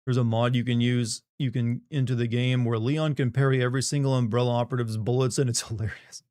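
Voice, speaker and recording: A man's voice: mid-range voice, level tone, quick pace, mellow, dry recording, studio quality. A middle-aged man from the Southern United States chatting casually on a live stream, rambling, joking and reading chat aloud.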